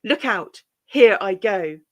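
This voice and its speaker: A woman's voice: medium pitch, expressive, takes it slowly. A woman voicing a spiteful, cunning old witch in a storybook read-aloud, her talk turning wailing and despairing.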